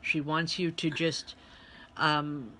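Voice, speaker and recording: A woman medium giving a live online reading, chatty and direct with her viewers. Her voice is bright and forward. Faint noise sits behind her. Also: deep voice, little pitch movement, slow pace. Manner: chatty, speaks straight to online viewers, relays spirit messages. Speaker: spiritual medium and reverend.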